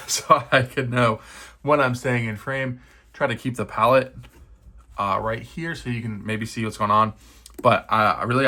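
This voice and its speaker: Chatty man with a bright voice. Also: mid-range voice. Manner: chatty, self-deprecating, thinking aloud. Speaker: miniature painting hobbyist. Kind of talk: casual narration over a painting session.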